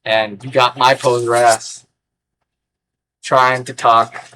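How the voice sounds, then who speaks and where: A man rambling through an unscripted vlog in a sarcastic, erratic way, with sudden loud outbursts. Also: medium pitch, flat delivery, takes it slowly, a little hiss or hum. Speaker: record collector vlogger.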